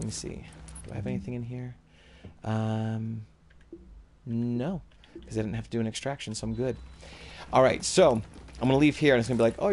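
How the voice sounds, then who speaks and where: A man's voice: mid-range voice, darkish tone, a little hiss or hum. A man streaming a video game from home, giving loose live commentary that often trails off and corrects itself. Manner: rambling, loose and self-correcting.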